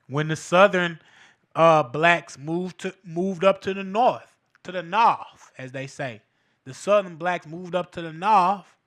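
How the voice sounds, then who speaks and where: Animated man with bright, raised voice. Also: fairly high pitch. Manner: animated, emphatic, street slang, frequent fillers. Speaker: podcast host. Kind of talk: casual commentary monologue.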